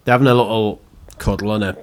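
Casual: low-pitched guy rambling through a story on a podcast, goes quiet when he quotes people. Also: fairly even intonation, fast talker. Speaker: podcast co-host. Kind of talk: casual chat, telling a story.

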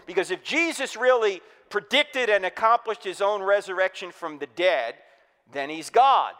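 A man from New Jersey preaching a humorous apologetics sermon, energetic and quizzing his audience. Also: high-pitched, normal speed. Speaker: Christian speaker. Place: church hall. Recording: reverberant hall.

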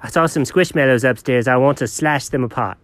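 A man's voice: mid-range voice, fairly quick, dry recording, pitched below the performer's own voice, natural voice. A man voicing a dopey, mischievous pet dog who talks in a dim, sheepish drawl.

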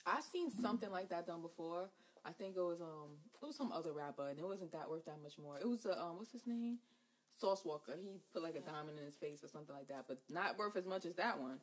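A woman hosts a relaxed podcast conversation, rushing through stories and acting out both sides of each exchange. Her voice is husky and sits on the low side. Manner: fast, animated storytelling with quoted dialogue. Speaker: hairstylist and podcast host. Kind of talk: casual podcast chat.

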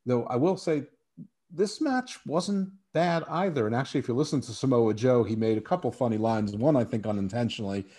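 A man guesting on a wrestling podcast, giving animated, opinionated takes and often repeating words as he starts a thought. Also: mid-range voice, brisk. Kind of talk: casual wrestling opinion chat.

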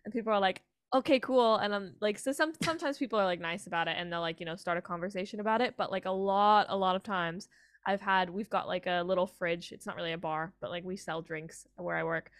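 A woman's voice: fairly low pitch, quick pace, fairly bright tone, dry recording, studio quality. A young American woman from Colorado, a music student, chatting as an interview guest, rambling with lots of "like" and acting out quoted voices. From Colorado, United States. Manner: rambling, heavy "like" fillers, acts out quoted voices. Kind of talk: casual chat.

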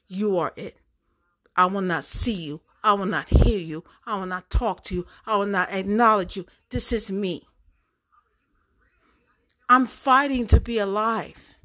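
Middle-aged woman, solo vlog monologue, forceful repetition, average pitch. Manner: emphatic, repetitive, addresses audience directly. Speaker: vlogger. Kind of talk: casual monologue to viewers.

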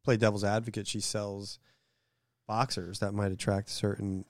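A man's voice: fairly low pitch, flat delivery, normal speed, no echo, clean studio sound. A man in casual chat, throwing in short questions and jokes. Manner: short joking interjections.

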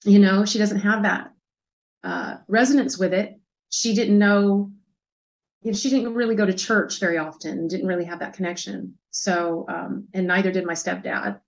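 In a low-quality recording, a woman in her fifties reflects quietly on a personal story during an interview, frequently pausing and hesitating with fillers. Her medium-pitched voice is steady with a creaky texture.

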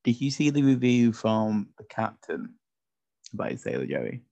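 A man with a lisp hosts a podcast with casual, joking chat, often fumbling his words. His fairly low voice is sing-song and dark, with vocal fry, at a normal pace. It's captured in dull lo-fi podcast audio.

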